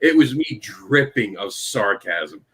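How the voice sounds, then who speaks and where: A man's voice: on the low side, big pitch swings, takes it slowly, a bit bright, husky. Male guest, brash storyteller, sarcastic, acts out his own asides. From Florida. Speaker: guest, comics creator. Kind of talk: casual chat.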